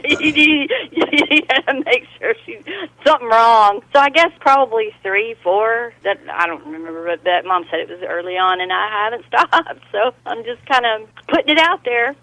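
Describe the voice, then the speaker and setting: Bright, chatty woman guest. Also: fairly high pitch, moderate pace, dry recording, low-quality recording. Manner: chatty, laughs often. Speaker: singer, interview guest. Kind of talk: casual chat.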